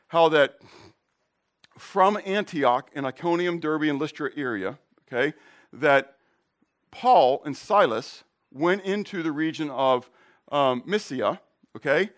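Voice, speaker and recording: A middle-aged male pastor delivers a sermon as casual talk, pausing to ask the congregation questions and slipping in jokes and stories of his own. His voice sits a little high for a man and moves about with plenty of lift and drop. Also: fairly bright tone. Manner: conversational, asks the congregation questions; jokes and tells personal stories.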